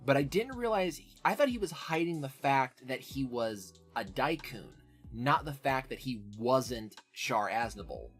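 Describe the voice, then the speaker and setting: A man's voice: mid-range voice, animated, unhurried, faint music behind. A man with a nasal voice hosting a casual podcast, recapping an episode in a profane, sardonic way. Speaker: podcast host.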